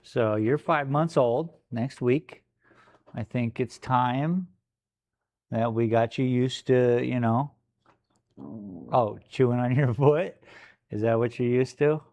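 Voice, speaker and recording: A man talks casually on a live stream as he paints in a gallery studio. His delivery is slow and unhurried, loose and playful, and he breaks off now and then to tease his puppy. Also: mid-range voice, darkish tone.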